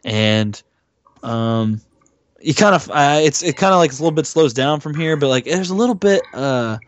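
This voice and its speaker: A man's voice: fairly high pitch, animated, normal speed, no room sound, highs cut off. Rambling, swearing man on a podcast. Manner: rambling, filler-heavy, swears freely, acts out movie lines. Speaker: podcast co-host. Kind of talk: casual movie recap chat.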